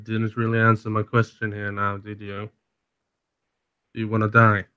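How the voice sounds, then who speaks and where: Flat, blunt man player. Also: lowish voice, moderate pace, clean tone. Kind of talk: playing his character in a tabletop game. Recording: dull lo-fi sound.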